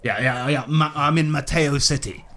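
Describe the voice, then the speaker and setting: A man's voice: a little high, steady tone, normal speed, sharp tone. A man voicing a pompous, boastful male explorer who runs a zoo, rambling and swearing constantly.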